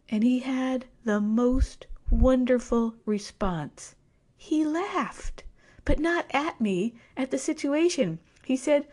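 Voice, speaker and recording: A woman telling a personal story to an audience in a wry, self-mocking, animated way. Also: medium pitch, slow.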